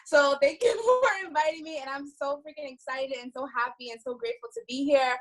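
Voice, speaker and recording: A woman with a New York accent pours out her story at high speed over a video call. Her voice sits a little high and she talks in an animated, effusive way. She comes across as lively. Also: brisk, low-quality recording. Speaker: guest speaker. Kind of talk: casual motivational talk on a video call.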